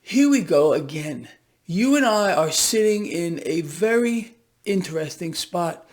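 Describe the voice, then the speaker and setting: Man, American accent, fairly high voice, sarcastic, animated market commentary. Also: measured pace. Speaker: finance video blogger.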